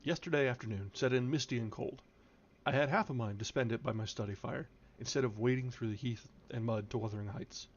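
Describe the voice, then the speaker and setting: Casting: male stream reader, measured delivery with small stumbles, slightly dull lo-fi audio. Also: medium pitch. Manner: measured reading with occasional stumbles and restarts. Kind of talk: reading a classic novel aloud on a stream.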